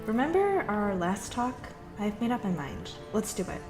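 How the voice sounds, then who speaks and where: A woman's voice: medium pitch, sing-song, moderate pace, pitched above the performer's own voice, close to an everyday voice. Woman reading as a feisty young heroine, earnest and a bit teasing, echoey room, music on. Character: bold, sharp-tongued young heroine.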